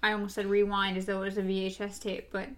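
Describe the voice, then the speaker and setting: A woman's voice: mid-range voice, completely flat delivery, quick pace. A woman in casual conversation, chatty and rambling, often laughing. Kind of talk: casual chat.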